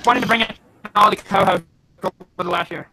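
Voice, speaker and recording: A man with a noticeable lisp chatting on an online show, often pausing on "um". His voice is bright and forward, and his mic connection sometimes turns robotic and glitchy. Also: high-pitched, slight background noise. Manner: hesitant, lots of "um". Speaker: co-host. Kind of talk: casual podcast chat.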